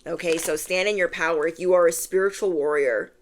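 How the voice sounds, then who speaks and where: A young adult woman who reads tarot chats casually to camera in a lowish voice, speaking a little fast. She's animated and playful, acting out the voices of people in her stories, with slight background noise.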